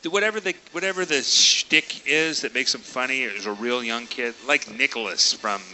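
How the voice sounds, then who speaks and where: A man's voice: mid-range voice, moderate pace, sharp tone, slight background noise, poor audio. A man in a casual podcast chat, emphatic and opinionated.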